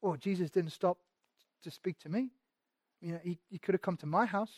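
A preacher putting on a whiny jealous grumbler. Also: male voice, high-pitched, a little mellow, breathy edge, no echo. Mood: indignant. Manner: whiny, fast complaining rant. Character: grumbling jealous man in a crowd.

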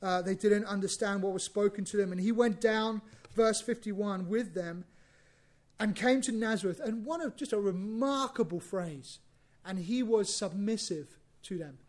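A man preaching a sermon, lively and conversational, acting out bits of dialogue and repeating words as he goes. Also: sits high, moderate pace. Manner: animated, acts out biblical dialogue, repeats himself.

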